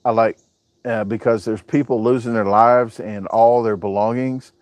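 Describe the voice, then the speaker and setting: A man's voice: mid-range voice, steady tone, normal speed, a little mellow, no echo. A man, hosting a casual live chat, reading out viewer comments and joking as he rambles. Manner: joking, rambling, with a southern-US way of talking. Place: home, showing a backyard on camera.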